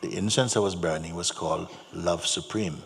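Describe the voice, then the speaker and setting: Gentle man teaching in a reverberant hall. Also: sits low, fairly even intonation, moderate pace, vocal fry. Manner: gentle, repetitive storytelling with soft laughs. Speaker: spiritual teacher. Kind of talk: spoken teaching to an audience. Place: large hall. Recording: long hall reverb, faint hum.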